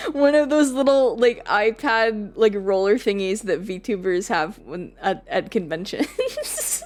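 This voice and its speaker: Woman streamer, casual live chat, rambly and giggly, cusses freely, mid-pitched voice. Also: lively intonation, slow, a little mellow, soft background music.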